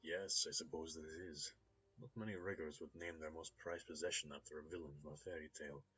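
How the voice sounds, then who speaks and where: A man voicing a cultured, polite Russian rigger, speaking softly, courteously and in a measured way. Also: very deep voice, steady tone, background noise. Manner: soft-spoken, measured and courteous. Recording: slightly dull lo-fi recording.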